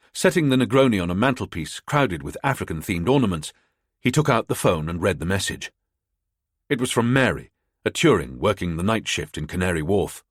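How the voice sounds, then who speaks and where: A man narrating a spy thriller audiobook in a measured storytelling manner, close to the mic. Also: fairly low pitch, slightly rough, no echo. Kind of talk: scripted narration.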